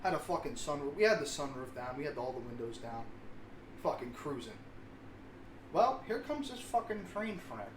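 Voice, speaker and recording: A man's voice: a little high, very animated, moderate pace. Swearing man telling stories. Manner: rambling, heavy swearing, self-mocking. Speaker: podcast co-host. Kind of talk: casual storytelling. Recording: roomy sound with faint hiss.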